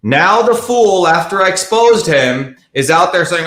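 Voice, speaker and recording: A combative man hosts a heated livestream, hammering his points home bluntly and repeating them. His voice sits a touch high for a man. The sound bounces around an echoey room. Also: lively intonation, moderate pace, hardly any pauses, fairly bright tone. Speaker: livestream host. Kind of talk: heated live commentary.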